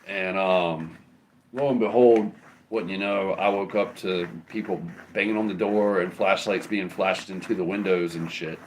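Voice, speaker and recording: A man's voice: lowish voice, a little hiss or hum. A man hosting a livestream, telling long casual stories in a rambling, profane, conversational way. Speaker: livestream host. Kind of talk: casual storytelling to a live chat.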